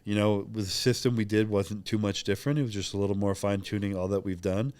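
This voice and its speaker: A man's voice: lowish voice, steady tone, quick pace, darkish tone, dry recording. A young man talking openly and reflectively as a podcast guest, rambling with many fillers in casual interview chat.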